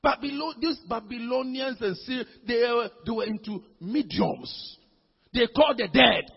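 Shouting husky preacher in a hall. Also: male voice, normal speed. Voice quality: husky, gravelly voice. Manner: swings between shouting and dropping low, repeats words. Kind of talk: sermon. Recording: dull lo-fi hall recording.

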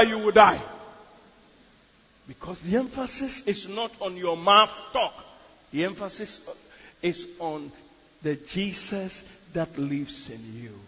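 High-voiced preacher man in echoing church. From Ghana. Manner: swings from quiet storytelling to shouted declarations. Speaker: pastor. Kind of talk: sermon. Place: church sanctuary. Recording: dull recording in a long-reverb church hall.

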